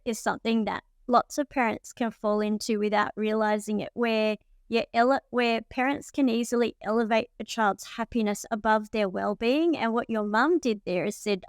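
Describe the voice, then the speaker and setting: A woman's voice: medium pitch, gravelly, smooth, no room sound, studio quality. A middle-aged woman co-hosting a podcast, reflecting thoughtfully on parenting in a casual discussion. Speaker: podcast co-host.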